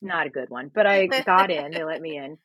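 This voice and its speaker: A woman in her thirties, a singer and actress, telling animated stories as a guest in a casual interview. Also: sits low, a little fast, breathy edge, no echo, highs cut off. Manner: animated, laughing storyteller.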